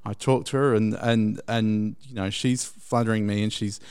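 A man telling a long personal story in casual chat, rambling and halting, with frequent restarts. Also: on the low side, fairly even intonation, darkish tone, clear, resonant tone. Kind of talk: casual anecdote.

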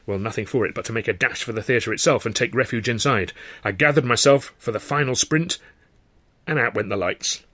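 A male author reading his novel aloud in audiobook narration. His telling is brisk and wry, with a mid-pitched voice. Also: a bit bright.

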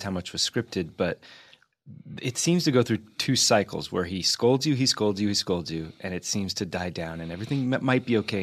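A man hosting a podcast interview, chatting with enthusiasm and laughing along with his guest. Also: lowish voice. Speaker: podcast host. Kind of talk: casual interview chat.

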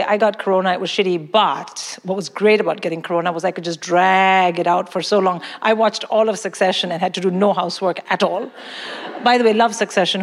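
A woman in her forties from India doing a stand-up comedy set, with a brash, emphatic, mock-indignant delivery. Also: mid-range voice. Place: large concert hall with live audience. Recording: hall reverb, audience laughter.

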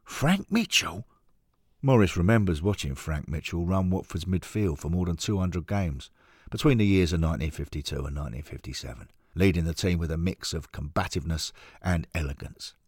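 A man narrating a scripted audio story in a measured storytelling manner. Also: low voice, darkish tone, slightly rough, no echo, studio quality.

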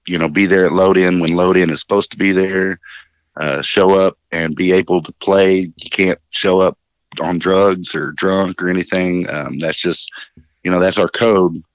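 Low-voiced man on a dull phone line. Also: no echo. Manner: chuckling, jokey storyteller. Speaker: band bassist, phone guest. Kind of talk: casual interview storytelling.

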